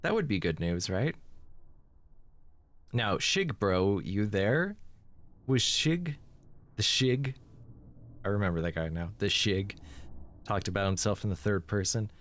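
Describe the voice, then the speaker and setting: A man's voice: fairly low pitch, sing-song, a little slow, pauses often, fairly bright tone. A man with congested sinuses commenting on a horror game, joking in a dry, sardonic way. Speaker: let's play host.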